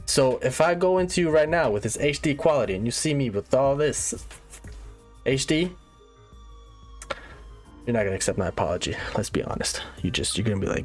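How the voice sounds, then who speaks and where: A man hosting a satirical tutorial monologue, mock-serious and lively, checking in with "all right?" again and again. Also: mid-range voice, a little fast, long pauses, faint music behind. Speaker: comedic YouTuber host.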